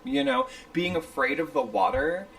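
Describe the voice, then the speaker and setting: A woman's voice: sits low, very animated, normal speed, vocal fry, fairly bright tone. A woman co-hosting a casual podcast, sassy and teasing, tossing out playful swears. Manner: sassy, calls people "bitch" playfully. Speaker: podcast co-host. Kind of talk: casual chat. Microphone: studio microphone.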